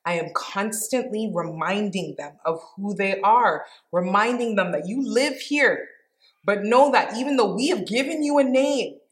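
A woman's voice: medium pitch, a bit bright. Earnest woman giving devotional teaching. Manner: earnest and emphatic, repeats key phrases; pauses and restarts with fillers. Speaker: Christian teacher and mother.

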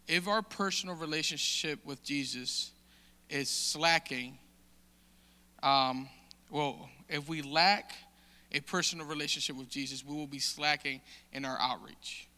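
A man shares a halting, casual testimony at church, full of fillers and restarts. His voice is very bright and crisp and sits a little high. It rings with the long reverb of a hall. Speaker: church member sharing testimony.

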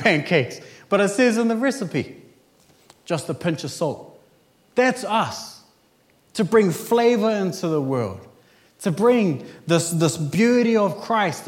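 A man preaching a sermon to a congregation in a conversational, animated way, swinging between loud emphatic lines and quieter, quick asides, with casual jokes thrown in. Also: sits high.

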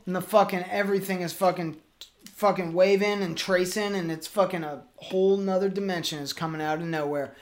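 A man co-hosting a comedy podcast, improvising a rambling, profane, escalating absurd story. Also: fairly high pitch. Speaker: podcast co-host.

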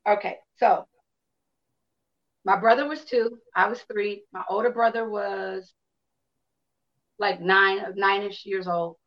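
A woman in her fifties from Chicago, telling a personal story to listeners in a candid, animated way, acting out quotes and swearing freely. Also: medium pitch, slow pace, long pauses, lo-fi sound.

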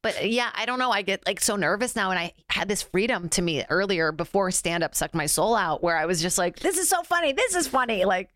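A woman comedian in her thirties talks in a loose, chatty way, full of filler words and quick laughs. Her voice sits a bit low, and the sound is dry and close. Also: fairly bright tone, dry recording. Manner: chatty, lots of likes, laughs while talking. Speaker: comedian guest. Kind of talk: casual chat.

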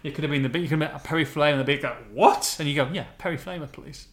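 A fast-talking man hosts a relaxed podcast chat, full of friendly banter and the word mate. His voice sits a little high for a man. He rattles along quickly. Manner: chatty, banterous, calls people mate. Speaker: podcast host and fan interviewer. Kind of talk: casual chat.

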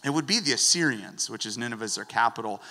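A man giving a lively, joking sermon in a conversational teaching manner. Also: mid-range voice, fast, gravelly, long reverb tail. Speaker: guest preacher.

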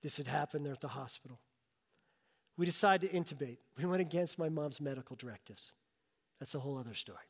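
A man's voice: fairly high pitch, fast talker, husky. Man preaching in an echoing hall. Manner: personal storytelling, emotional, rising and falling intensity. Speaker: pastor. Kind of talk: sermon. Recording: long reverb of a large hall.

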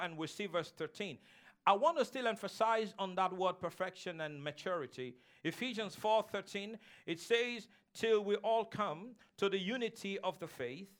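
A male pastor delivers a sermon with a fairly high-pitched voice. He hammers his points home through repetition and has the congregation repeat his lines back. He speaks from a church sanctuary. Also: a bit bright. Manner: emphatic, repetitive preaching that calls for congregation responses.

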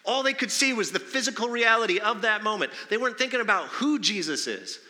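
Pastor guy preaching, high bright voice, lots of "do you remember that?" questions, long echo from a big church room. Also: lively intonation, a little fast. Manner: conversational preaching with many rhetorical questions. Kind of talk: sermon. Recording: long hall reverb.

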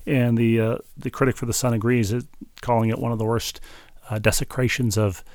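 A man's voice: mid-range voice, little pitch movement, fairly quick, darkish tone, no room sound, studio quality. A man co-hosting a podcast in a casual, chatty way, reading out listener emails with playful wordplay. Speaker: podcast co-host.

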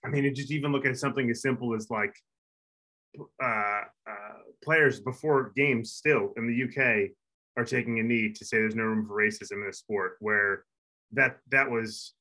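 A man's voice: medium pitch, moderate pace, sharp tone, low-quality recording. A man from New York co-hosting a podcast, chatting casually and rambling with many fillers and restarts. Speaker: podcast co-host. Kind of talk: casual chat.

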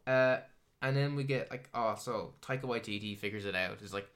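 A man's voice: on the low side, a little fast, a bit bright. A man co-hosting a podcast, reviewing a film in casual chat, swearing freely as he rants. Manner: swears a lot, ranting and exasperated. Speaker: podcast co-host.

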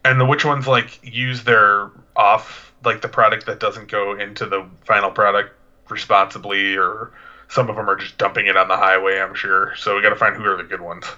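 A man's voice: lowish voice, level tone, normal speed, sharp tone, muffled recording. A man co-hosting a podcast, chatting in a laid-back, rambling, joking way. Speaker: podcast co-host. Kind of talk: casual chat.

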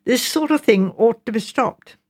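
A woman voicing a brisk, practical London gentleman who grows impatient as the talk goes on. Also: fairly high pitch, animated, breathy edge. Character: impatient, reasonable London gentleman, the story's narrator.

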